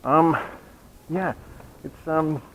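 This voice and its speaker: A man's voice: fairly high pitch, very slow, noisy background. Rambling man vlogging on a night walk. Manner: rambling, apologetic, self-mocking. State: hiccuping. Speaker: channel host. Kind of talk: casual walking vlog update. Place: quiet city street at night, outdoors. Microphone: handheld camera while walking.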